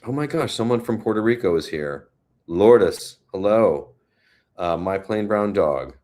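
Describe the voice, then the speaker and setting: Unhurried and slow, a man with a deep, low voice hosts a relaxed live stream at home in New York City. Between remarks on the weather, he answers viewers' comments with kind, consoling words.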